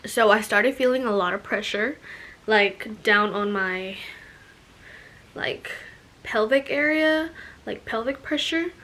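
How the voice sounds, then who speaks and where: A woman's voice: on the high side, slow pace, long pauses, bright, forceful tone. A young woman chatting casually in a vlog, filling her talk with "like" and "you know", a little out of breath. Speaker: vlogger. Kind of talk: casual pregnancy update vlog.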